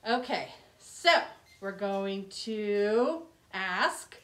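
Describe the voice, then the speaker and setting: A woman's voice: mid-range voice, expressive, very slow, fairly bright tone. A woman hosting a children's library program, friendly and advising parents as she wraps up. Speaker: program host. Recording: echoey room.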